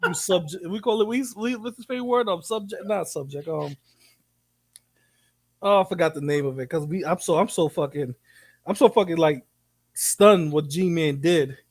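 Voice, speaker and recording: High-pitched guy ranting on a stream, cussing a lot, dry close sound. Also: moderate pace, dry recording. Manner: animated, profane, rambling, repeats himself. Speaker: co-host of a live commentary stream. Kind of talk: casual stream commentary.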